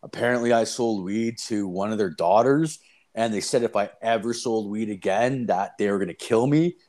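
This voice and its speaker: A man's voice: lowish voice, moderate pace. A young man from Canada telling a rambling, profane story in casual chat, quoting others as he goes. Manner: rambling, profane, animated retelling with quoted voices.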